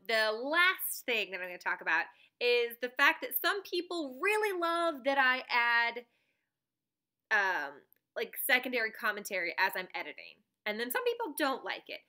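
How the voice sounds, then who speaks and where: A woman chatting to her viewers from home, rambling from point to point and laughing often. Her voice is bright and forward, sitting a little high. She talks straight to a camera mic in a relaxed, unscripted way. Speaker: teacher and reaction vlogger. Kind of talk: casual chat to viewers.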